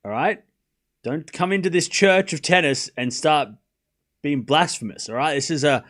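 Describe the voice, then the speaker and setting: Male streamer, higher-pitched, playful live match commentary with teasing chat banter. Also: moderate pace, a bit bright. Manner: playful, scolds chat, pleading.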